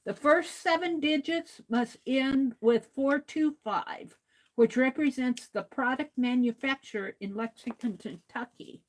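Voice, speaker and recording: A woman with a high voice hosts a relaxed art livestream, talking slowly as she draws. She is chatty, reads her viewers' comments aloud and laughs easily. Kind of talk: casual livestream chat while drawing.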